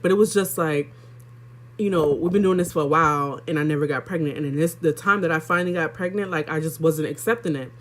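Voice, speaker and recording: A woman's voice: low-pitched, fast. Young woman vlogger, chatty and candid, talking straight to her viewers with lots of likes and you-knows. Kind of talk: casual storytelling vlog.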